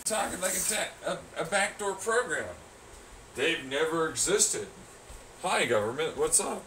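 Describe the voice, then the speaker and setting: A man ranting in a sarcastic, scornful, profane monologue, swinging between muttering and loud shouting. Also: a little high, very animated, a little slow, slight background noise. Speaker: vlogger.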